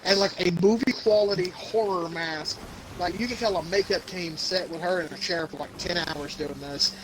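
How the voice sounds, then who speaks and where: A man's voice: sits high, fairly even intonation, moderate pace. A young man hosting a podcast, rambling through crude stories in casual banter and putting on silly voices as he tells them. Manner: rambling storyteller, mimics voices, laughs a lot. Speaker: podcast host. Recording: noisy background.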